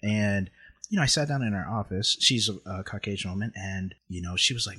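A man's voice: sits low, a little fast, bright, forceful tone, husky. A man earnestly telling a personal story in a conversation, reflective and openly emotional at times.

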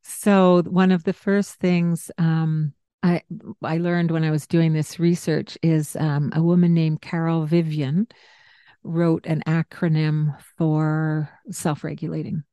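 A woman's voice: low voice, level tone, slow pace, clean tone, no echo, studio quality. A woman hosting a parenting talk, explaining ideas in a conversational teaching style with everyday examples. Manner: explains warmly with examples and asides. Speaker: parenting podcast host.

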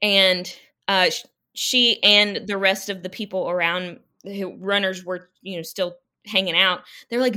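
A woman guest runner telling her story in a casual, animated and emotional way, speaking over a video call. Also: medium pitch, unhurried.

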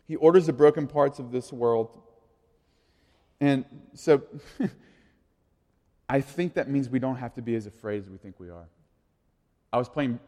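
A man's voice: mid-range voice, darkish tone. A man in his thirties giving a casual, conversational sermon as a youth pastor, in an echoey hall. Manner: casual, conversational, full of "like" and restarts.

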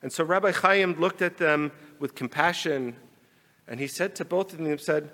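A man, a rabbi, telling a folk story in a sermon, animated and raising his voice for quarrelling characters. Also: on the high side, moderate pace. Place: large synagogue sanctuary. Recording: long hall reverb.

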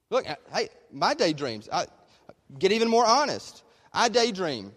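A man preaching a conversational sermon in a church, with emphatic delivery and many rhetorical questions. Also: on the high side. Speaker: pastor. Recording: long hall reverb.

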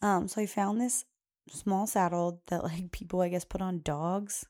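A woman's voice: lowish voice, fairly even intonation, unhurried, darkish tone. A young adult woman hosting a podcast, telling a casual story and quoting her little daughter in a raised voice. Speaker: podcast host.

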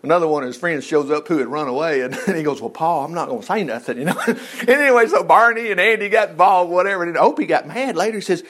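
Folksy man teaching scripture, rambling and joking, high voice that swings widely. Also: expressive, fast, a bit bright. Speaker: Bible teacher. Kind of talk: casual Bible teaching.

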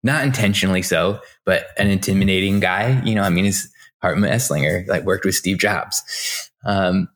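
Speaking at a moderate pace, a design executive in his forties is interviewed, his voice very deep and low. He stays loose and conversational, spinning anecdotes with plenty of fillers and false starts and frequent laughter.

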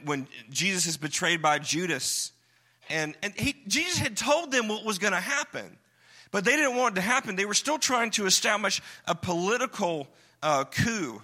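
A man preaching a sermon to a congregation, animated and joking as he acts out quoted lines. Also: sits high. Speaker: pastor.

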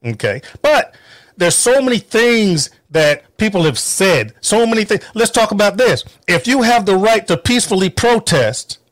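A man with a high, swooping voice rants in anger, swearing hard and driving every point home with heated emphasis. The recording is dry and close, with no room sound. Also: animated, normal speed, fairly bright tone, no room sound. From North Carolina, US. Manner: mocking quoted voices. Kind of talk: angry political rant.

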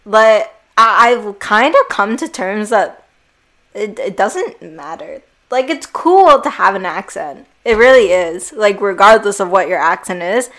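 Young woman, casual chat, rambling manner, medium pitch. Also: animated, measured pace, a bit bright. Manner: rambling, loses her thread, laughs easily.

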